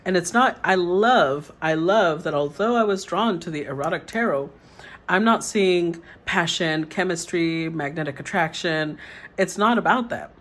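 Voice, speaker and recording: A woman's voice: fairly low pitch, animated, a little slow, fairly bright tone, poor audio. A woman tarot reader who reads the card meanings aloud and then muses over them in a casual way.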